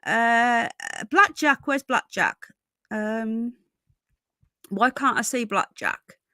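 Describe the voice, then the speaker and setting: A woman hosts a casual livestream from home, greeting each viewer by name and calling them darling and sweetheart. Her voice sits fairly high. The sound is dry and close, with little room around it. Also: very slow, pushed and bright, no room sound. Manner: chatty, affectionate, calls viewers darling and sweetheart. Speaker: livestream host.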